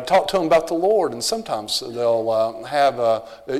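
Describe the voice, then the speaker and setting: A man's voice: medium pitch, long reverb tail. A man with a Southern US accent, a visiting missionary giving an easygoing, informal talk to a church congregation. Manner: easygoing, folksy, with frequent fillers. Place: church sanctuary.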